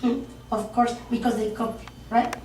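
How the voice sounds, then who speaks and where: A woman gives an interactive classroom workshop at a moderate pace, her fairly high voice level in tone as she quizzes people and asks "okay?" and "yes?". The distant room mic leaves it echoey, with faint noise.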